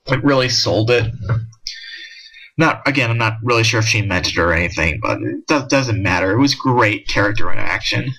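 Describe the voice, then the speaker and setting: A man talks through his thoughts on a comic chapter in a loose, rambling way, often stopping to restart a sentence or reach for a filler word. His voice sits a little low but comes across bright and forceful. The delivery is casual and unscripted. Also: very animated, normal speed, vocal fry, low-quality recording. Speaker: manga discussion vlogger. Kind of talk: casual spoken review.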